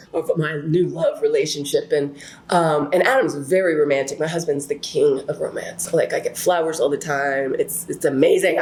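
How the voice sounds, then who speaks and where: A woman's voice: low voice, slight background noise. Chatty woman teaching in an echoey room. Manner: chatty, animated, many fillers and asides. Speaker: relationship class teacher. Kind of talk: casual teaching talk with personal stories.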